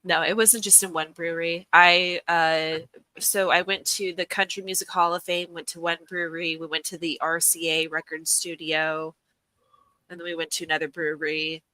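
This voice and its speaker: A woman's voice: lowish voice, level tone, moderate pace, sharp tone, no room sound, poor audio. A woman chatting on a livestream, telling rambling stories with fillers and laughs. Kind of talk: casual livestream chat.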